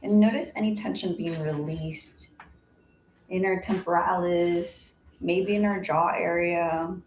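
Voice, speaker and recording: A woman leading a face yoga class over a video call, giving calm step-by-step cues and counting breaths. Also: fairly low pitch, unhurried. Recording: video call audio with faint background noise.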